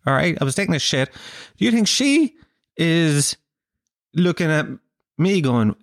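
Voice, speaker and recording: A man's voice: fairly high pitch, sing-song, measured pace, pauses often, no echo, studio quality. A man with an Irish accent hosting a podcast, rambling through a crude comedic monologue, swearing freely and laughing at his own jokes. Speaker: podcast host.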